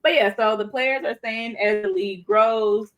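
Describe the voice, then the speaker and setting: A woman with a Southern US accent talks through the news on a podcast in a loose, colloquial way. She drifts off on asides and catches herself mid-sentence. Her pitch sits in a middle range. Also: steady tone, normal speed, dull audio. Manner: chatty, colloquial, self-interrupting. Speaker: podcast co-host. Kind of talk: casual podcast commentary.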